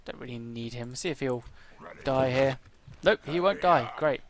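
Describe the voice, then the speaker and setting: A let's play gamer commentates on his own strategy game while playing, reasoning out loud with frequent hesitations and fillers. He speaks at a medium pitch and a normal speed.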